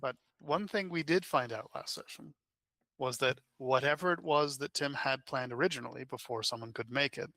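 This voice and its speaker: Gravelly, bright-voiced man recapping the game. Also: medium pitch, moderate pace, dry recording. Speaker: player. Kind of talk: casual chat recapping a game.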